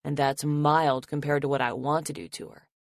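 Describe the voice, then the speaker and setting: A woman voicing a protective, possessive young man who curses casually and grumbles low. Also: little pitch movement, normal speed, no room sound. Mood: grumbling. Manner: gruff, curses casually, drops his voice low.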